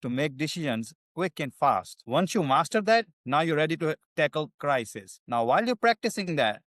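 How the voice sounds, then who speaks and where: A man, a podcast guest, giving advice in a measured way with hesitant fillers. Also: fairly high pitch, sing-song, fairly bright tone, no room sound, studio quality. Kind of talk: conversational advice.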